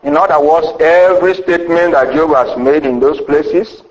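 A man's voice: fairly high pitch, moderate pace, reverberant, low-quality recording. A man preaching a sermon with emphasis, rhetorical questions and a repeated refrain.

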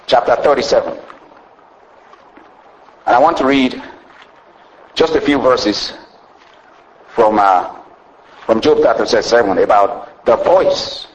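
A man's voice: mid-range voice, poor audio. A man preaching a sermon with a rising and falling cadence, often saying "you know" between phrases.

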